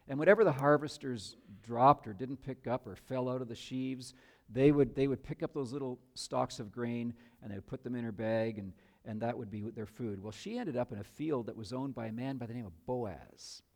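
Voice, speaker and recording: Animated storytelling male preacher. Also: medium pitch, moderate pace. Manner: animated storyteller with joking asides. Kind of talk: sermon.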